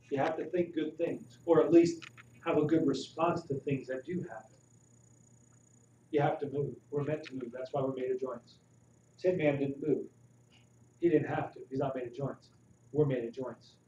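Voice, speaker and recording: Man giving an animated health talk. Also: fairly high pitch. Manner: asks the audience questions, animated and emphatic. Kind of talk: live health seminar talk. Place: room with a live audience. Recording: roomy, distant, dull audio with faint noise.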